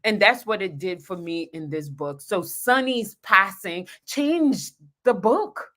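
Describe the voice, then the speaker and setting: A woman's voice: medium pitch, lively intonation, takes it slowly, fairly bright tone. A woman pastor reading a heartfelt dedication from her own book on a livestream, talking directly to her viewers.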